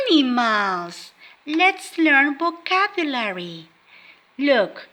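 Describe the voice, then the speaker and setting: A woman teaching a vocabulary lesson to young children. She speaks slowly and clearly, asks them to repeat words, and imitates animal sounds. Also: sits high, very animated, bright, forceful tone. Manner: slow, clearly spoken, prompting children to repeat.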